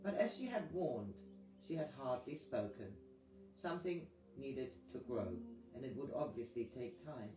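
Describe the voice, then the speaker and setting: A man reading a book aloud in a live session, unhurried and plain with pauses. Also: mid-range voice, big pitch swings. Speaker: reader. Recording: echoey room with faint music.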